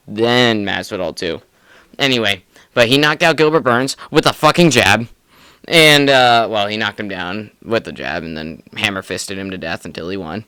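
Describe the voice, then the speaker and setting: A young man co-hosting a podcast, chatting about fights in an excitable, profane way with frequent laughs. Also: lowish voice, clean tone, no echo. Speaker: podcast co-host. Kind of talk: casual sports chat.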